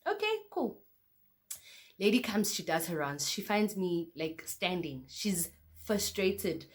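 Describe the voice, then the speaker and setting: Speaking directly to camera, a young vlogger with a South African accent and a slightly low voice shares her own story in a loose, casual way. She keeps addressing her audience as "guys" and drops a quick "okay, cool" as she moves from one beat to the next.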